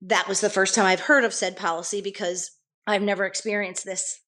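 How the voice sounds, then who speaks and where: Middle-aged nurse lady telling what happened on her shift, earnest, lots of restarts, medium-pitched voice. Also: flat delivery, fairly quick, a bit bright. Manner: earnest, detailed recounting with frequent restarts. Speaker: nurse guest. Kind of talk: conversational interview storytelling.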